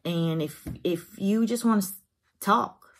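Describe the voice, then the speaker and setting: A woman's voice: mid-range voice, slow pace. A woman, chatting casually to camera as a craft vlogger in her home craft room, folksy and emotional.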